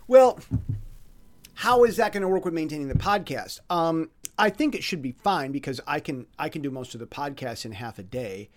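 A man's voice: on the high side, lively intonation, normal speed. A man hosting a podcast alone, talking casually in a rambling, self-mocking way, with frequent restarts and fillers. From foreign resident in Taiwan. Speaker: podcast host. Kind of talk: casual monologue.

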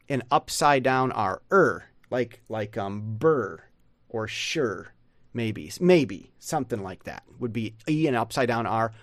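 A man giving a casual pronunciation lesson, rambling and sounding out words slowly. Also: medium pitch, a bit bright, no room sound, studio quality. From United States. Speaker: pronunciation teacher.

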